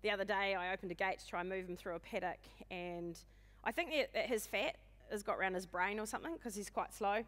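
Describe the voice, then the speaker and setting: Speaking fast and booming loudly, a New Zealand woman in her forties gives a funny keynote at a conference, poking fun at herself. A long hall reverb trails her voice.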